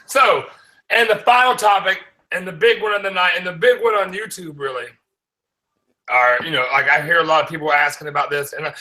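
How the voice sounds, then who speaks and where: Man, podcast host from the South, very bright tone, slightly high voice, loose and profane. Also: a little fast, rough recording. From American South. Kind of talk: casual chat.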